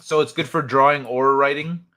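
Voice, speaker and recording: A man's voice: medium pitch, steady tone, moderate pace, sharp tone. A man hosting a casual late-night stream, joking crudely and chatting with viewers. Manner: joking, crude, talks to chat. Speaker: host.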